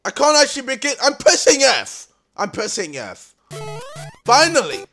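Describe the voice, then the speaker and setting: Young guy raging at a game, voice jumps all over, super high and bright. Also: sing-song, moderate pace, over music. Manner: exasperated, swearing, yelling at the game. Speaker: gaming commentator. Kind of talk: let's-play commentary.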